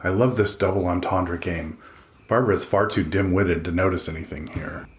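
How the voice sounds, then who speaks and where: Low-pitched guy reading a first-person story, dry and introspective, roomy echo. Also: steady tone, normal speed. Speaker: audiobook narrator. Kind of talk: first-person audiobook narration. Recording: echoey room.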